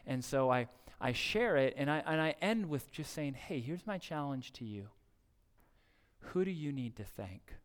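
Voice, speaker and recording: A man's voice: medium pitch, unhurried. Earnest male pastor, long church reverb. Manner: earnest, exhorting, builds to excited emphasis. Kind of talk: sermon. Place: church sanctuary during a service.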